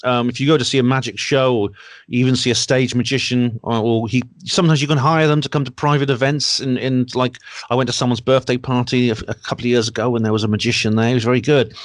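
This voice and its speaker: A man's voice: medium pitch, flat delivery, quick pace, no echo. A man talks through a dry home computer mic on a video call. He explains at length in an easy chat, often restarting his sentences. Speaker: guest researcher. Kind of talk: online panel chat.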